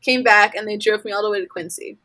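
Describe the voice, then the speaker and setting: A woman's voice: medium pitch, fast, pushed and bright, rough recording. Young woman, college-age, from Florida; casual rambling storyteller, heavy "like" filler, plays out her own reactions. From Florida, USA. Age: young adult. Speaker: college student guest.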